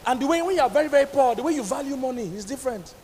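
A man with a Nigerian accent preaching a sermon as pastor, with lively, emphatic delivery and questions thrown out to the congregation. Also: extremely high pitch, very fast, big-room sound, a little hiss or hum.

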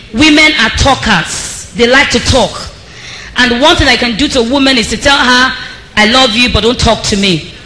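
A woman preacher giving a lively sermon, calling out to the congregation and laughing often. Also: on the high side, reverberant, a little hiss or hum, poor audio. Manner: lively, laughing, calls out to the crowd. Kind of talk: sermon on marriage.

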